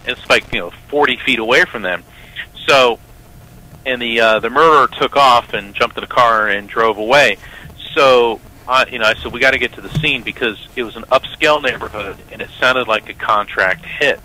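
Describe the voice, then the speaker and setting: A man as a radio interview guest, an animated storyteller who acts out the voices of the people in his story. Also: medium pitch, normal speed, rough recording. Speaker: guest, psychic medium and lawyer.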